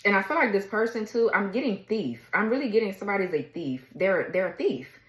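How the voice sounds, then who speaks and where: A woman's voice: mid-range voice, lively intonation, fairly quick, roomy sound, rough recording. A woman giving a tarot reading in a blunt, heated rant, cursing freely and laughing between her words. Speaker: tarot reader. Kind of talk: casual ranting tarot reading.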